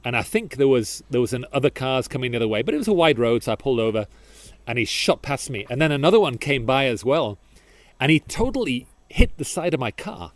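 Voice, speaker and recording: A man co-hosting a podcast, telling a story in casual chat, animated and full of restarts and repeated words. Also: medium pitch, quick pace, no room sound. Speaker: podcast co-host.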